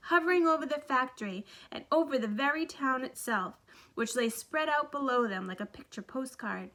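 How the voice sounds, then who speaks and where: Bright-voiced woman reading a storybook. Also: a little high. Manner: lively, expressive. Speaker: storybook reader. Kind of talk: children's book read-aloud narration.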